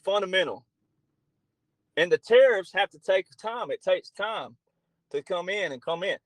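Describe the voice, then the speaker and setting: A man's voice: high-pitched, lively intonation, normal speed, no room sound, rough recording. A middle-aged man talking as a podcast guest, blunt and emphatic, with some profanity. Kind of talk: political talk show conversation.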